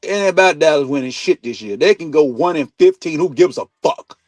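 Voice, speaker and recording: A man with a high voice rants about football on his own sports talk stream. He is blunt and profane, and he swings from loud bursts down to low asides. The sound is close and dry, with no room echo. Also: lively intonation, a little fast, soft background music. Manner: heated, blunt, swears a lot, swings loud and quiet. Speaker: sports talk show host. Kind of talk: profane sports opinion rant. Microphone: streaming mic.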